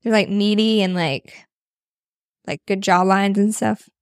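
A woman's voice: medium pitch, fairly even intonation, a little slow, no echo, clean studio sound. A woman co-hosting a podcast, chatting casually and playfully with her husband, filling her talk with "like". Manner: chatty and playful, heavy use of "like". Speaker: podcast co-host.

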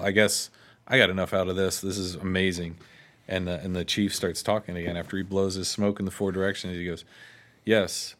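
A man with a fairly low voice tells an old story in a loose, chatty way. He drops into quoted lines and then breaks off with offhand asides, like a podcast co-host entertaining a friend. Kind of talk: casual storytelling chat.

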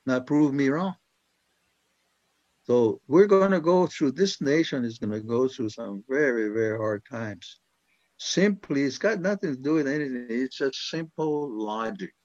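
A man's voice: mid-range voice, expressive, normal speed, darkish tone, no echo, lo-fi sound. An older American man speaking bluntly in a rambling interview, with many restarts and fillers. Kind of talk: casual talk.

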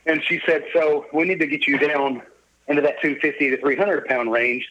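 A middle-aged man appears as a guest on a casual interview podcast, recounting his life story in a fairly high, fairly even voice at a moderate pace. His tone is fairly bright and he's upbeat and jovial, acting out the lines of people he quotes. The recording is muffled, with a little hiss or hum.

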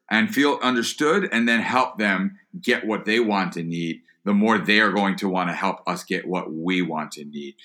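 A man's voice: low-pitched, sharp tone. A man being interviewed about leadership and listening, talking earnestly and often repeating words as he starts a phrase. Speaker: guest, entrepreneur and author. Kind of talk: podcast interview answer.

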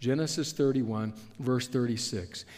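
A man preaching a sermon in an animated way, acting out the characters in the story he tells. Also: medium pitch, unhurried. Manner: animated, acts out the characters he describes. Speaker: pastor. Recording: long hall reverb.

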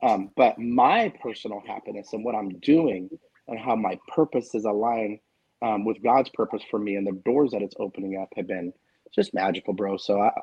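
Gravelly, husky man in his forties. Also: on the low side, normal speed, a little mellow, highs cut off. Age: 40s. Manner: candid and profane, emphatic. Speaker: guest author. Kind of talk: casual panel chat.

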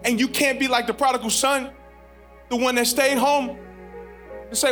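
Guest preacher, male, high-pitched, dynamic sermon delivery, faint music bed. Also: flat delivery, normal speed, pauses often. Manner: preaching with big swings from hushed to shouted; casual, conversational with playful voiced asides.

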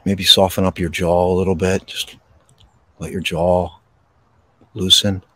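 A man hosting a podcast, guiding a slow, soothing breathing meditation outdoors. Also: sits low, dry recording. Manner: slow, soothing, calm delivery with pauses. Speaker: podcast host and meditation guide. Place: outdoors in a park. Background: birds.

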